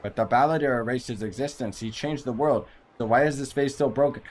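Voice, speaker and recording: A young man talks over his gameplay at a mid pitch, trading sarcastic, slangy jabs at the story as he plays. His remarks are dismissive and offhand, as if he is barely impressed by anything on screen. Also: a little fast, darkish tone, a little hiss or hum. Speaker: gaming video creator. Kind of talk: casual gameplay commentary.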